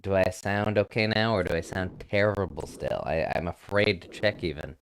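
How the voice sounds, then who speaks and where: A man's voice: sits low, moderate pace, slight background noise. A man chatting casually on a live stream through a headset mic, rambling, swearing offhandedly and poking fun at himself.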